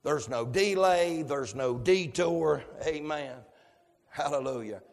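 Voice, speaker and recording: Fervent preacher man, gravelly and high. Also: slow pace, in a large hall. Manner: fervent preaching that swings from hushed to shouted. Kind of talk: sermon.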